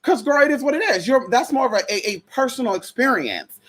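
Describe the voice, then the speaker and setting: Young woman ranting on her channel, husky voice that swings all over, cussing and calling everyone girl. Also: on the high side, lively intonation, fast talker. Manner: sassy, profane, calls listeners honey and girl. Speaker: spiritual vlogger. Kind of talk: casual opinion rant.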